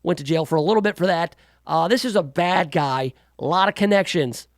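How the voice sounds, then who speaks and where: A man runs his talk radio monologue in a fairly high voice, rambling and sarcastic, tossing jokey asides into the news. The sound is dry and close, with no room around it. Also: brisk, dry recording. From United States. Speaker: radio talk show host. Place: radio studio.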